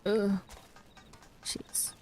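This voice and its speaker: A sleepy, yawning woman streaming a game, speaking in quiet, drifting casual asides. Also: very slow. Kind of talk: casual gameplay commentary.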